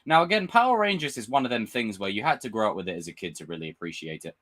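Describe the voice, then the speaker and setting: A man's voice: lowish voice, fast. A young man hosting a live stream, chatting casually and ranting with lots of swearing. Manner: animated, swearing, ranting fan. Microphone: desk mic with camera.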